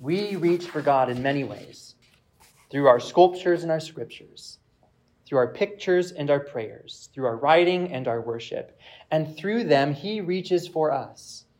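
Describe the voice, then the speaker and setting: A man preaching, reading a reflective passage aloud in a measured way with pauses. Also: on the high side, expressive, a little mellow. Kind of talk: sermon with read-aloud passage.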